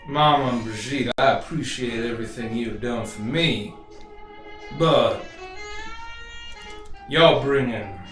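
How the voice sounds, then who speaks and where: A man voicing a giant male black cat boss who talks in a slow, condescending, folksy drawl. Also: medium pitch, bright, forceful tone, voice pushed down. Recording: roomy echo, distant mic, faint music.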